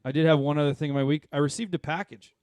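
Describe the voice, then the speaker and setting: A man, co-hosting a podcast and telling animated, rambling stories full of fillers and asides. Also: on the high side, very fast, clean tone, dry recording. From Saskatchewan, Canada. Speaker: podcast co-host. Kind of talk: casual chat.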